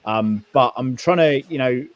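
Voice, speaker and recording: A man's voice: medium pitch, normal speed, dry recording. A British man, likely in his thirties, a maker and YouTuber, chatting casually on a podcast with rambling stories and many fillers. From United Kingdom.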